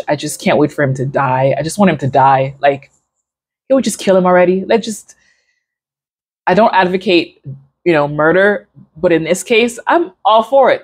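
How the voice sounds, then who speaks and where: Young woman wrapping up a reaction vid, kinda low voice, rambly and emotional, lots of ums. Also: husky. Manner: emotional, rambling with many fillers. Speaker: reaction video host. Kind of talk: casual chat to viewers.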